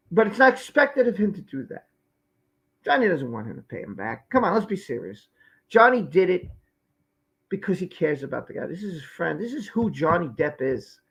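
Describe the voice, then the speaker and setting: A man with a high, husky, gravelly voice gives live-stream commentary and drives his points home by repeating them. The sound is muffled and lo-fi. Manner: emphatic, repeats key phrases.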